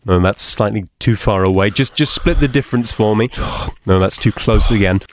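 Dry, impatient radio host. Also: male voice, fairly low pitch, normal speed, a little hiss or hum. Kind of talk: comic radio sketch.

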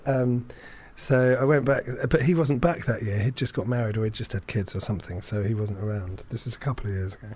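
Man in his thirties, mid-pitched, rambling anecdote delivery with loose fillers and self-mockery. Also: brisk, few pauses, a little mellow. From England. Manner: rambling, self-deprecating, many fillers and restarts. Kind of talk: casual chat, anecdote.

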